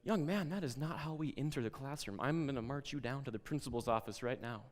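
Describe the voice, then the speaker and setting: A man's voice: mid-range voice, quick pace, long reverb tail, voice pushed up, close to an everyday voice. A man voicing a stern schoolteacher who scolds and complains in an exasperated tone.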